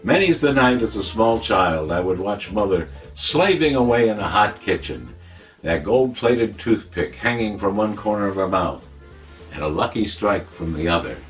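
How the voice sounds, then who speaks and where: A man's voice: fairly low pitch, moderate pace, faint music behind, close to an everyday voice. A man doing a boastful wisecracking comic. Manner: deadpan, rambling, self-contradicting. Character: boastful wisecracking older man, tall-tale teller. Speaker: comic editorial presenter. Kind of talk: comedic monologue.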